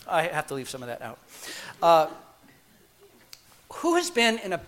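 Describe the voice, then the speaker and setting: Animated, high-voiced male preacher. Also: normal speed, pauses often. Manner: animated and playful, with humorous asides and restarts. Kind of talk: sermon.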